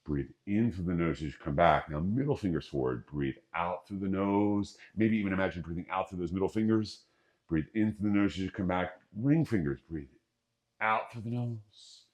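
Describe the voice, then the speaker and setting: In a low, slightly mellow voice at a moderate pace, a middle-aged qigong teacher gives guided exercise instruction. He jokes around casually while cueing each breath one step at a time.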